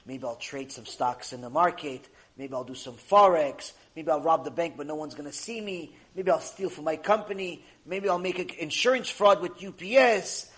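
A man teaching Torah through a story, telling it in an animated way and acting out each character. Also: a little high, moderate pace, hardly any pauses, low-quality recording. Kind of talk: storytelling lesson.

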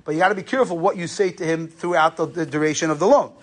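A man's voice: on the high side, very fast. A man giving a conversational Torah lesson on Jewish law, telling stories and using Yiddish and Hebrew terms. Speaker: rabbi lecturer.

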